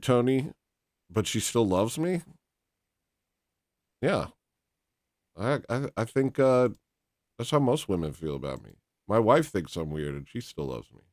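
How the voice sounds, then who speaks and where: Deadpan rambling man on a livestream. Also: lowish voice, measured pace, pauses often, no room sound, studio quality. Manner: deadpan teasing, jokey and self-mocking. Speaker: livestream host reading donations. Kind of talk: casual rambling livestream chat.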